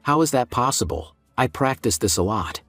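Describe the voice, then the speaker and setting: Man doing a teasing teenage girl, chatty, bright, middle pitch, dry close sound. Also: lively intonation, moderate pace, no echo, soft background music. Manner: cheerful, chattering.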